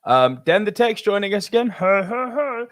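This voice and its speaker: A man's voice: high voice, very animated, normal speed, no room sound. Dry-sounding laid-back male podcast host. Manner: swears casually, laughs often, easygoing. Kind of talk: casual podcast chat, reading out live chat messages.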